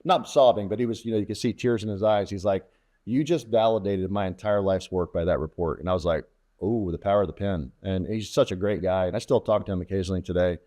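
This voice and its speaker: Low, mellow-voiced middle-aged man. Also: fast talker. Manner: lively storyteller who acts out quoted radio talk. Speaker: guest, former fighter test pilot. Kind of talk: casual storytelling interview.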